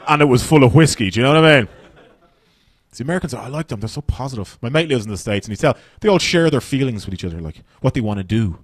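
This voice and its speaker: Dublin man, rapid-fire stand-up delivery, swears freely, dry close-miked sound. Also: mid-range voice, lively intonation, no echo. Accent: Dublin Irish. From Dublin, Ireland. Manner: profane, blunt, rapid-fire. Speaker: stand-up comedian. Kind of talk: stand-up comedy set. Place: comedy stage.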